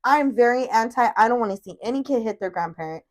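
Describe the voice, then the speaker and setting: Swearing, animated podcast mom. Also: female voice, a little high, fast. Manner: animated storyteller, swears freely, acts out quotes. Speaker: podcast co-host. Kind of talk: casual chat.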